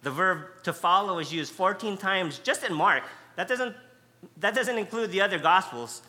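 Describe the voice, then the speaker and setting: A man's voice: high-pitched, expressive, moderate pace, sharp tone. A man preaching a sermon, emphatic and conversational, stressing key words by repeating them. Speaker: pastor.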